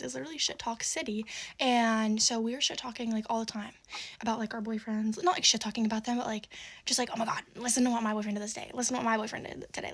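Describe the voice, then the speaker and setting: A teenage girl telling a story in a casual, exasperated way, full of "like" and quick asides. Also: fairly high pitch, fairly bright tone. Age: teens. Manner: fast, exasperated, heavy use of "like".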